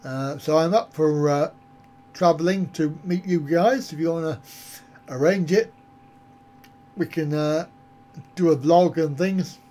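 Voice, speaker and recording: A man's voice: on the high side, unhurried, pauses often, dark tone. A man hosting a travel vlog live stream, chatting with viewers in a jokey, rambling, easygoing way.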